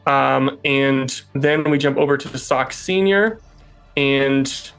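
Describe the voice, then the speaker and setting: Slow, halting man narrating as game master. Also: medium pitch, creaky, fairly bright tone, clean tone, soft background music.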